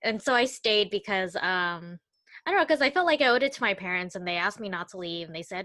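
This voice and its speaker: A woman's voice: medium pitch, expressive, brisk, a bit bright, no room sound. Young female co-host, hesitant and reflective, dry close sound. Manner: reflective, hesitant, many fillers. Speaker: podcast co-host. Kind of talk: casual chat.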